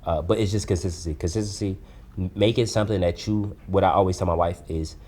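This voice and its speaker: Young man, very low voice, earnest, casual grammar, laughs easily. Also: fairly even intonation, quick pace, dark tone. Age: 20s. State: choked up at times. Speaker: guest, food reviewer. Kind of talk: casual interview chat.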